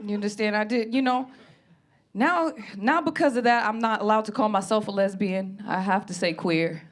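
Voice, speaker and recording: A woman comedian telling stories in a brash, animated stand-up set. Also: medium pitch, moderate pace.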